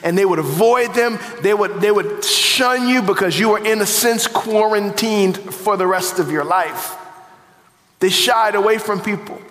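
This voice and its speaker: Pastor, male, higher register, chatty sermon delivery with questions to the pews; long reverb of a church hall. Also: unhurried, a bit bright. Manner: conversational, asks the congregation questions.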